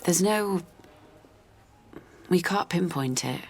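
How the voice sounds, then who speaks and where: An actress playing a worn-down, loving mother of an autistic boy, speaking in a halting, confessional way that often drops to a near whisper. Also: lowish voice, lively intonation, vocal fry, a little hiss or hum, full character voice. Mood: reflective. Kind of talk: radio drama monologue.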